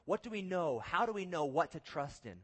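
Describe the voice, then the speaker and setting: A young man giving a youth sermon, telling a story with lively quoted inner thoughts and rhetorical questions. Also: on the high side, a little fast. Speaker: youth pastor.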